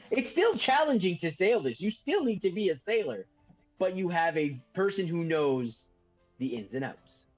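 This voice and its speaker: A man narrating as game master in a tabletop game, rambling and crude, quick to laugh. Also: fairly high pitch, darkish tone. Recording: dull lo-fi.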